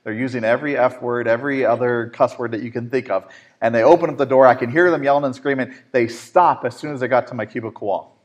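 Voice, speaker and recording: Animated man telling a faith story. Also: mid-range voice, quick pace. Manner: animated storyteller with frequent fillers. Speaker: host. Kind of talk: faith-based talk show chat.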